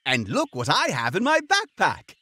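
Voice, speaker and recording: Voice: mid-range voice, wildly swooping pitch, moderate pace, pushed and bright, no echo, heavily acted. A performer voicing a friendly frog song leader who teaches a children's sing-along. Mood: cheery. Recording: guitar music behind.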